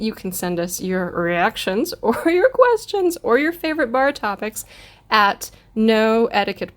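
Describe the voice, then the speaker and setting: A woman co-hosting a podcast, telling a travel story in a casual, animated way and laughing often. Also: a little high. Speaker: podcast co-host. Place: hotel room.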